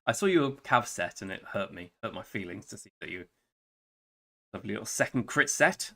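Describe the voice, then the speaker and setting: A man's voice: lowish voice, expressive, a little fast, vocal fry, pushed and bright. Wry, rambling English man streaming a game. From England. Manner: rambling, wry, chatty, answers chat by name. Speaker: gaming streamer. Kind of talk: casual live-stream chat while playing a strategy game.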